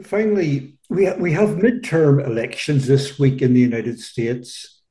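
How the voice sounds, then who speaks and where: A male interviewer asking a formal, measured question. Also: mid-range voice, animated, warm tone. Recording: echoey room.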